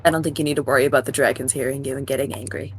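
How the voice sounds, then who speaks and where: A woman player in a tabletop role-playing game, giggly and lively, voicing her cocky character. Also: very deep voice, racing, breathy edge, soft background music. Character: cocky young woman Yorgia.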